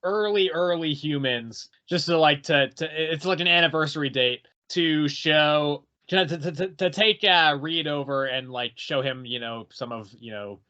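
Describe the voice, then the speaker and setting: Man, podcast co-host, bright and a bit high, hesitant delivery, dull lo-fi audio. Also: a little slow, few pauses. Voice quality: hesitant, filler-laden. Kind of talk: casual chat.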